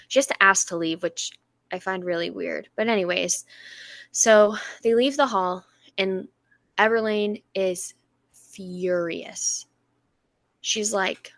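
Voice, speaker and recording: Woman podcast co-host, casual book recap, lively retelling, dry close sound. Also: medium pitch, dry recording. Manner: animated retelling with quick voiced asides. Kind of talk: casual book-review chat.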